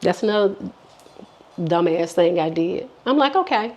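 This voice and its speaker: A woman's voice: on the low side, animated, a little slow, a little mellow. A woman vlogger telling a personal story in casual chat, candid and chatty, often acting out what people said. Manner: candid, chatty, many fillers and restarts, quotes people.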